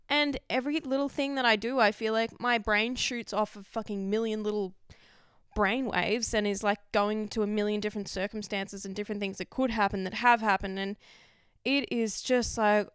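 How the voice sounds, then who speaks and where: Young woman, frank confessional vlog, smooth resonant tone, dry close sound, swears freely. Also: mid-range voice, fairly bright tone, no echo. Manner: frank, rambling, heavy swearing. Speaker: vlogger. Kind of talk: candid confessional monologue.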